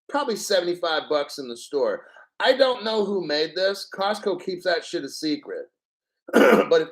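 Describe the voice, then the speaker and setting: A man hosting a casual livestream, rambling and profane and clearing his throat often. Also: a little high, rough recording. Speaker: crypto livestream host.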